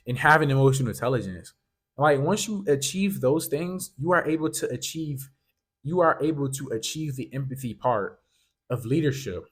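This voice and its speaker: A man with a slightly husky voice hosts a motivational podcast. He speaks straight to the listener in a loose, earnest, coaching tone, doubling back on his words and leaning on "like" and "right?" as he goes. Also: mid-range voice. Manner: casual, repeats himself, fills with "like" and "right?". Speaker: podcast host.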